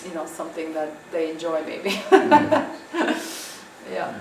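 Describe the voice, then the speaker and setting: A woman's voice: low voice, little pitch movement, measured pace. A woman photographer answering audience questions in a chatty, storytelling way, laughing often. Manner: chatty storytelling, frequent laughs and "you know". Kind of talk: gallery Q&A talk. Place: gallery talk in front of an audience. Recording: echoey room, voice from a distance, faint hiss.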